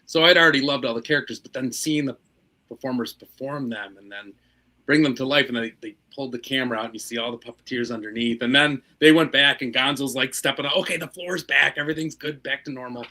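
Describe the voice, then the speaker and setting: A man's voice: mid-range voice, steady tone, fast talker, pushed and bright. A man puppeteer in a casual video chat, cracking jokes and telling how he got into puppetry. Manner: joking, wisecracking. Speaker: puppeteer guest.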